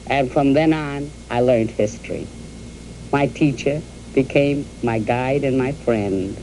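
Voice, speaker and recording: An older woman from New York telling the story of her youth and marriage to her husband, in a halting storytelling way with repeated words and fillers. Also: a bass voice, mellow, a little hiss or hum, poor audio. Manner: addresses her husband directly. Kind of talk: reminiscing in an archival interview.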